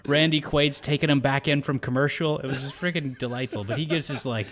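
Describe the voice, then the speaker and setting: A man in casual conversation about a movie, mid-pitched and easygoing. He recaps scenes with energy and slips into quoted lines as he tells them. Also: steady tone, fairly quick, crowd noise. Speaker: podcast co-host. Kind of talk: casual movie review chat.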